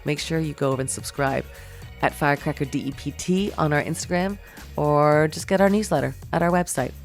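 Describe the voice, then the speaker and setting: A woman with a fairly low voice hosts a podcast. She talks in a gushing, effusive and emotional way, and faint music plays behind her. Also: fairly quick. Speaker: podcast host. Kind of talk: podcast intro and interview.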